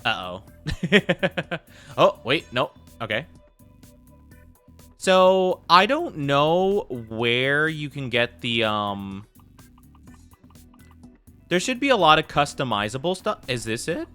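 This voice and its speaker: A man's voice: fairly high pitch, very animated, slow pace, pauses often, pushed and bright, smooth, soft background music. A man chatting casually with viewers on a live game stream, rambling and giggly with lots of filler words.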